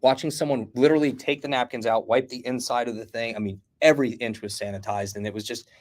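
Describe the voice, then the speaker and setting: A middle-aged American man talks as a guest in a relaxed conversation. His voice sits at an ordinary middle pitch. He tells stories bluntly, with a combative, animated edge. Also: quick pace. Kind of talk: casual chat.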